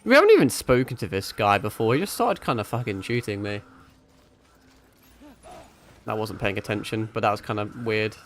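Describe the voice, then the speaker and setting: A man's voice: lowish voice, big pitch swings, moderate pace, pauses often, a little hiss or hum. A young man streaming a shooter game, rambling and swearing casually as he plays. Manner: sweary, rambling, self-mocking. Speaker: vtuber streamer. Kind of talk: casual gaming stream commentary.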